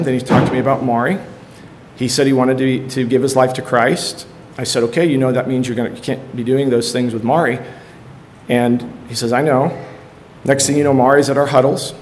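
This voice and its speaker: A man's voice: mid-range voice, slight background noise. Earnest middle-aged man giving church testimony. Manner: earnest, storytelling, acts out quotes with rising energy. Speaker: high school football coach and ministry leader.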